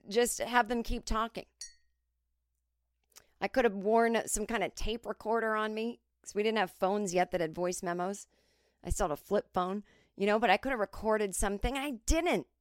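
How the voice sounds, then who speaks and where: A woman's voice: medium pitch, normal speed, clean tone, no echo, clean studio sound. A woman in her forties telling a comic story in a chatty way, briefly putting on voices of other people. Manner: chatty, animated impressions of others. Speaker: podcast host. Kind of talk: solo comedic storytelling.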